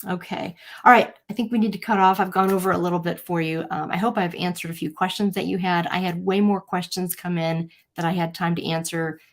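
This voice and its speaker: A woman with a slightly low voice hosts a live-streamed talk, speaking to her viewers in an earnest, personal way. She tells stories and acts out what people said with lively quoted voices. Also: fairly quick, few pauses. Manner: earnest, storytelling, animated quotes. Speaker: host.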